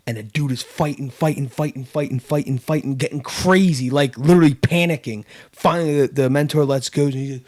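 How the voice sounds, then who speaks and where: A man's voice: on the high side, fairly quick, darkish tone. A man hosting a casual podcast chat, telling a story with lots of fillers and restarts. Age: adult with kids. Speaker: podcast host.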